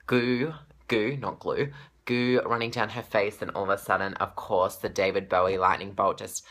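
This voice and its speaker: An excitable Australian man talks straight to camera in a casual fan vlog. His voice is bright and forward. He gushes breathlessly and swears without a second thought. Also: low-pitched, normal speed. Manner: gushing, breathless and swearing freely. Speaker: pop fan vlogger.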